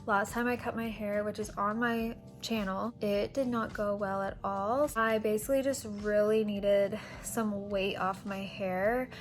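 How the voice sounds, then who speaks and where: A woman narrates her own vlog in an easy, conversational voice-over. Her pitch sits in a middle range, and she talks loosely with casual fillers. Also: fairly even intonation, measured pace, hardly any pauses, soft background music. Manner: chatty, with fillers like "like" and "um". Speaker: vlogger.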